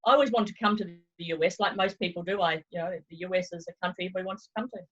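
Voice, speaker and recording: A woman's voice: lowish voice, fairly even intonation, racing, fairly bright tone, muffled recording. A woman from New Zealand with a New Zealand accent, talking frankly in a remote interview. She is chatty and laughs often. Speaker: travel agency owner. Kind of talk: remote interview, casual chat. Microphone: video call.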